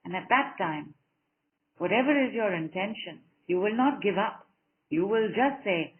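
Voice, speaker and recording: A spiritual coach leads a group call, her voice sitting at an ordinary pitch for a woman but coming through thin and narrow like phone audio. She speaks at normal speed with lively intonation, sounding warm, encouraging and affectionate. She repeats lines over and over in a rhythmic way.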